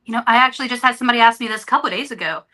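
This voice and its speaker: A woman's voice: fairly high pitch, very fast, sharp tone. A woman guest on a podcast, speaking earnestly and openly in candid conversation. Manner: earnest, openhearted storytelling. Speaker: interview guest.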